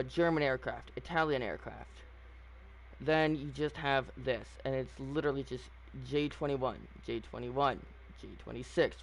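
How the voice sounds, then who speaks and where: Over slight background noise, a man who hosts a gaming channel chats casually about a video game, voicing strong opinions while rambling with frequent fillers and restarts. His pitch is medium.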